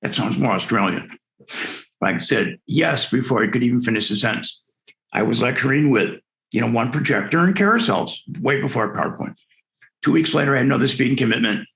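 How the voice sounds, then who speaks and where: Presenting to dentists at a virtual conference over a video call, this dental lecturer in his sixties has a medium-pitched, gravelly, fairly bright voice. He talks briskly with lively intonation, and his lecture is enthusiastic and packed with stories.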